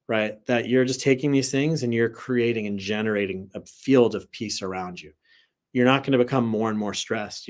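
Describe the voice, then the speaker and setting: A man giving a live spiritual teaching in a relaxed, conversational way, often asking "right?" and swearing now and then. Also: mid-range voice.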